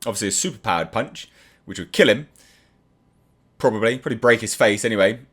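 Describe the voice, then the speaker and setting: A man's voice: fairly low pitch, a little fast, a bit bright, slightly rough. A man hosting his own channel, giving a casual and enthusiastic spoken review of a TV episode. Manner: enthusiastic, chatty, acts out characters' lines.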